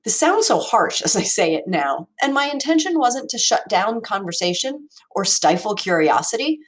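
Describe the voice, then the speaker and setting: A woman in her forties tells a personal story in a prepared talk, measured and reflective. Her mid-range voice moves up and down in a lively way as she speaks. She sounds like an educator addressing an audience. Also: medium pitch.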